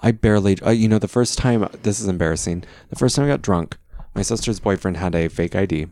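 A man's voice: low-pitched, fast talker, darkish tone, no room sound. A man hosting a podcast, chatting casually and telling self-deprecating stories. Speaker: podcast host. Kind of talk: casual chat.

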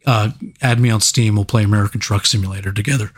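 A man's voice: on the low side, fast talker, husky. Profane laughing man reviewing movies. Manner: laughing, profane, animated storytelling. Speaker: podcast co-host. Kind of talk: casual movie review chat.

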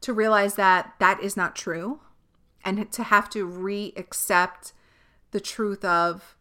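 A woman's voice: medium pitch, steady tone, slow pace, bright, forceful tone. A young woman hosting a podcast, talking candidly and at length in a rambling, casual way, with frequent swearing. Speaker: podcast host. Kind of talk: personal monologue.

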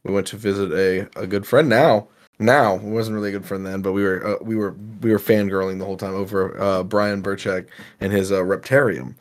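A man co-hosts a podcast, trading loose, profane banter in casual chat. His voice is on the low side and steady in tone, moving a little fast.

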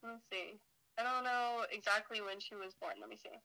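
A young woman co-hosting a casual podcast, chatty and quick to laugh. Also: medium pitch, sharp tone, clean tone, low-quality recording. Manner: laughs easily, slow and chatty. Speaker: podcast co-host. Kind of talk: casual chat.

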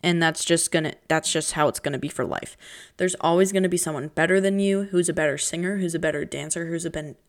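A young woman hosting her own podcast in casual chat, chatty and dramatic, jumping between pitches and whispers. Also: fast talker. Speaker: podcast host.

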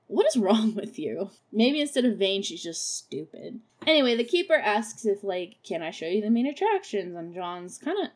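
A young woman talks through a horror musical she is reviewing for her podcast. Her recap is casual and sarcastic, full of profanity and little laughs at her own jokes. She keeps it loose and unscripted. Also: mid-range voice. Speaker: podcast host reviewing a film.

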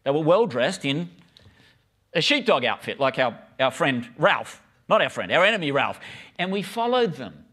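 A man's voice: on the high side, sing-song, moderate pace, fairly bright tone, breathy edge. A middle-aged man, preaching a casual, conversational sermon with frequent stammered restarts. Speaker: pastor.

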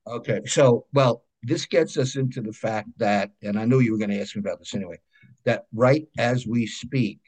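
A man with a New York accent, a guest telling lively anecdotes in a casual interview and often checking in with "right?". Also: medium pitch, normal speed. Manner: animated anecdotes, frequent "right?" check-ins. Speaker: guest, comic book creator.

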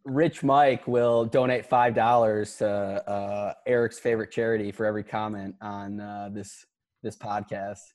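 A man's voice: fairly low pitch, steady tone, unhurried, a little mellow. Man joking loosely on a podcast. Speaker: podcast co-host. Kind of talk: casual podcast chat.

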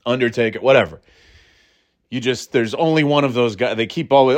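A man's voice: mid-range voice, brisk. Rambling man chatting casually. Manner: rambling, many fillers and restarts, jokey asides; breaks into short mock catchphrase imitations. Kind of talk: casual solo chat.

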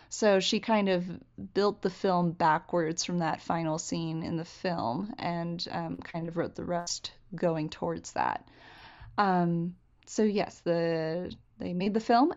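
A woman's voice: lowish voice, darkish tone, highs cut off. A woman co-hosting a film podcast, chatting casually with many fillers and reading from notes. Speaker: podcast co-host.

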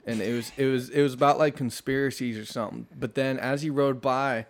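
A man's voice: mid-range voice, fairly even intonation, a little fast. Rambling young man retelling a story. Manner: rambling, laughs while retelling, acts out shouted quotes. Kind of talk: casual chat.

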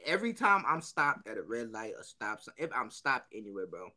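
Guy on a podcast, bright lively voice, laughing thru his stories. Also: mid-range voice, a little fast. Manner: animated storytelling, laughing often. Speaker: podcast co-host. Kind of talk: casual banter.

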